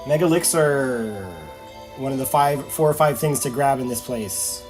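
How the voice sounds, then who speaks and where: A man's voice: mid-range voice, fairly even intonation, moderate pace, music in the background. A man streaming a video game, playfully reading the on-screen text aloud and muttering to himself as he plays. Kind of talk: casual let's-play commentary.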